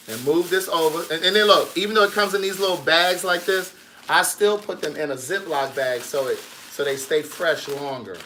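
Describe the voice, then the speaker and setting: A man's voice: fairly high pitch, normal speed, bright, forceful tone, slight background noise. A man in his home kitchen chatting casually through a how-to, sassy and teasing, calling the viewer niece and girl. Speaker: vlogger and writer.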